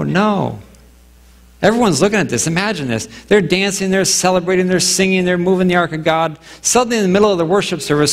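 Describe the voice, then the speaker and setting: A man's voice: on the high side, in a large hall. A man pastor preaching a sermon in a conversational way, acting out little asides and asking rhetorical questions of the congregation. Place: church sanctuary.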